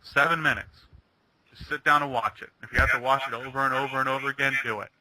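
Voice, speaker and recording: A man's voice: mid-range voice, steady tone, fast, bright, forceful tone, low-quality recording. A man chatting casually and retelling a cartoon plot, rambling with many restarts. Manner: rambling storyteller, stumbling restarts. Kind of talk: casual chat.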